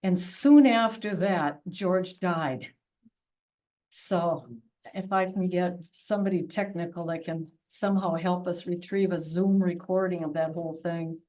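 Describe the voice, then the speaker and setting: A woman giving a public talk, telling a personal story in an earnest, emotional way with many halting restarts. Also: on the low side, dark tone, far from the mic. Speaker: presenter. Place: public meeting hall.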